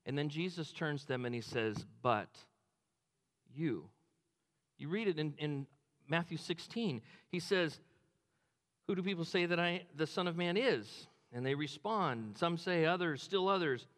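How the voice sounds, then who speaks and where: A man preaching a sermon, animated, acting out quotes with a dropped low voice. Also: unhurried, in a large hall. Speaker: pastor.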